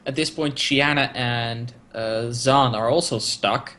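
A man's voice: medium pitch, steady tone, slow, fairly bright tone. A man in casual chat, recapping a TV episode with a co-host, enthusiastic and acting out the characters' lines. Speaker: podcast co-host.

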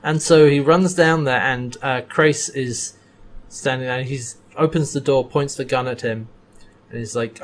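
A man's voice: medium pitch, fairly even intonation, unhurried. Casual man recapping a show episode. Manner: retells scenes, acting out characters' lines with laughs. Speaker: podcast co-host.

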